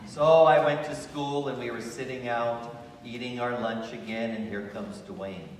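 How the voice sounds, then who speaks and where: A man, a priest, giving a homily at a children's Mass, telling a story with lively quoted dialogue. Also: medium pitch, a little slow, a little hiss or hum. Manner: animated storytelling with acted quotes. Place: church. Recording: echoey church from far off with ambience.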